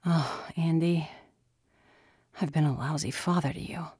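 A woman voicing a weary, gentle father in jail, speaking softly and resignedly in an audiobook. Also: low voice, fairly even intonation, unhurried, breathy edge, no room sound, studio quality, heavily acted. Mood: regretful. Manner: soft, resigned, reassuring.

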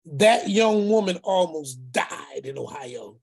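Storytelling man, lively voices. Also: fairly high pitch, takes it slowly, vocal fry, breathy edge. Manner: animated, acts out voices, repeats phrases; preacherly, speaks of faith. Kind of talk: casual storytelling.

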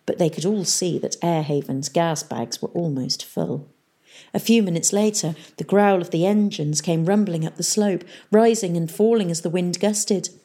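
A woman narrating an audiobook in a steady storytelling manner. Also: lowish voice, normal speed, slightly rough. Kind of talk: audiobook reading.

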